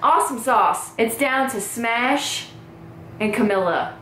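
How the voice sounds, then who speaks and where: A young woman recapping a reality show in a casual vlog, sassy and profane, breaking into sing-song shouts. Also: fairly high pitch, expressive, slow pace, background noise. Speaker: recap vlogger. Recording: echoey room.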